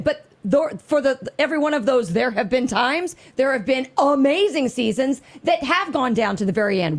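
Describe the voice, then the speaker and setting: A woman co-hosting a motorsports radio show, lively and quick to tease. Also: high voice. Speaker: radio co-host. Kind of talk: casual sports radio banter.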